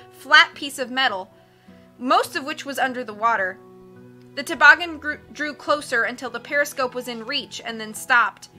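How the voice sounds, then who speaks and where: A woman narrating a novel aloud with an expressive, storytelling delivery. Her voice sits high and sounds very bright, with soft music under the reading. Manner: expressive, lifts her voice for dialogue. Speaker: audiobook reader.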